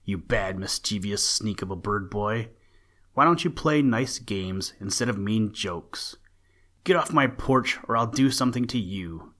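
A kind but fussy old gentleman rabbit, exclaiming and scolding in an old-fashioned manner, as a male storyteller puts him on. His voice sits a little higher than his narration. A storybook character. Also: a little slow. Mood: indignant.

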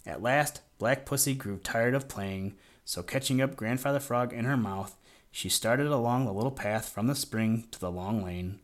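A man narrating a children's audiobook in a measured, gently expressive storytelling manner. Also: medium pitch.

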